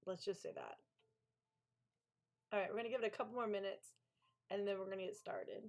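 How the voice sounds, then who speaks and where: A woman's voice: mid-range voice, steady tone, fairly quick. A woman author hosting a co-working live stream, chatting casually, gushing and talking back to her chat.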